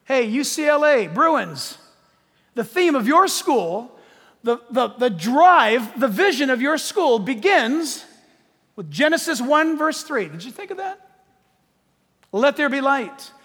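A man preaching a sermon in a lively, joking way, acting out quotes from the text. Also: very high voice, slow, long reverb tail. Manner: animated, jokey preaching with acted-out quotes. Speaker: pastor.

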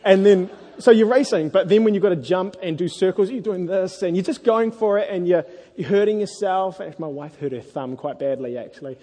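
A married man preaching a sermon to a congregation, earnest and lively when he tells stories. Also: sits high, brisk, hardly any pauses. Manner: earnest, animated storytelling. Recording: echoey hall.

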